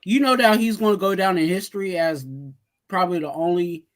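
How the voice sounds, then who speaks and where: A man's voice: high-pitched, brisk. A man talking sports in casual chat, rambling, repeating himself and stumbling over his words.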